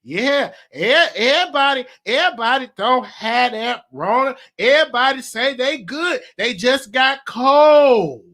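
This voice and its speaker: A man imitating his stubborn, elderly churchgoing grandmother, drawn-out and insistent. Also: extremely high pitch, animated, pushed and bright, exaggerated voice. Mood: dismissive.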